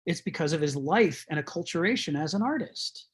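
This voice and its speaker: Rambling man giving a lecture, breathy. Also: on the high side, lively intonation, fairly quick. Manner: rambling, chuckles often, many fillers. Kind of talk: conversational lecture.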